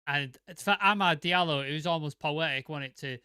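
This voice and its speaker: Young man, sweary football podcast co-host; bright, crisp, dry close sound. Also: fairly high pitch, brisk, no room sound. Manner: excitable, swears a lot, vivid comparisons. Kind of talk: casual sweary football chat.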